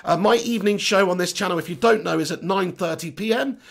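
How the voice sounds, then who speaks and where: A young man hosting a football channel, reading viewer comments in a chatty, blunt way while his voice is going hoarse. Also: high voice, fast. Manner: chatty, matey shout-outs, blunt opinions. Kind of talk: casual live-stream chat, reading viewer comments.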